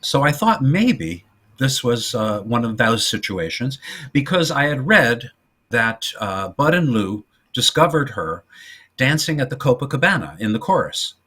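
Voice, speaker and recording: Male podcast co-host, bright husky voice, animated storyteller, casual film chat. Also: medium pitch, measured pace. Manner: animated retelling, acting out quotes in voices.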